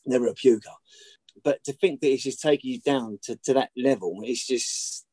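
A man's voice: mid-range voice, normal speed, mellow, breathy edge, dry recording. A middle-aged man talking as a podcast guest, telling stories candidly and bluntly, swearing often and repeating his points for emphasis. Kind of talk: candid conversational storytelling.

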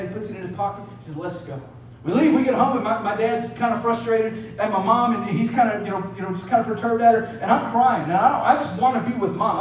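A man's voice: extremely high pitch, a little hiss or hum. A young adult male pastor preaching a sermon, telling a story in a conversational way and often asking "right?". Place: church hall. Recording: echoey hall, mic at a distance.

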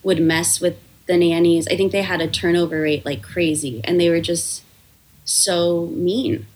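Husky-voiced woman comedian chatting. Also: lowish voice, level tone, a little slow, darkish tone, poor audio. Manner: chatty storyteller, many fillers and restarts. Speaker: comedian guest. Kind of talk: casual podcast conversation.

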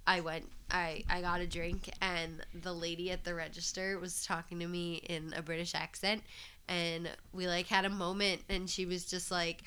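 A woman's voice: on the low side, little pitch movement, moderate pace, pushed and bright, clear, resonant tone. A woman co-hosting a podcast, chatting casually and laughing often, with many restarts. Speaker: podcast co-host. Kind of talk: casual chat.

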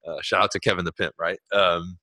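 Low-voiced man in a dry room. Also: steady tone, a little fast, pushed and bright, no echo. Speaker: podcast co-host. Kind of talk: casual chat.

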